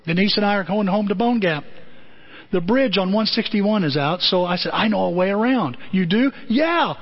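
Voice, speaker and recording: A middle-aged male pastor telling a story in a sermon, animated and conversational, with comic asides. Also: high-pitched, fairly quick. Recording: dull lo-fi audio.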